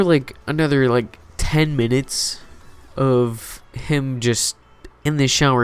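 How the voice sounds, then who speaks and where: A man's voice: mid-range voice, clean tone. A man telling a story to his channel in a loose, rambling way, swearing often and leaning on filler words. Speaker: YouTube storyteller. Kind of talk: casual storytime narration. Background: faint background music.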